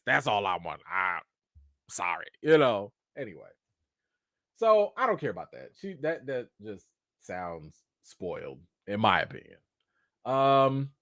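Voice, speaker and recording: A man hosting a live commentary chat, talking in an animated, slangy way. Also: fairly high pitch, no room sound, studio quality. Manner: animated, slangy, acts out quotes. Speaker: host.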